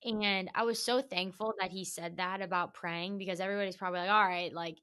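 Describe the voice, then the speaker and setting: A young woman hosts a casual podcast conversation, eager and chatty, with "like" peppered through her speech. Her voice comes across bright and sharp. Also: mid-range voice, fairly even intonation, fast, clear, resonant tone. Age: young adult. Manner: eager and chatty, heavy use of "like". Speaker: podcast host.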